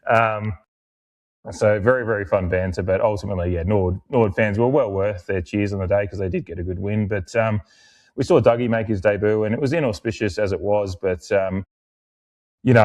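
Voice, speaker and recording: Podcast co-host: young man, low voice, loose rambling delivery with fillers. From Australia. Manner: rambling, lots of fillers and restarts; mimics other people in animated, higher-pitched bursts while retelling. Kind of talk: casual podcast chat.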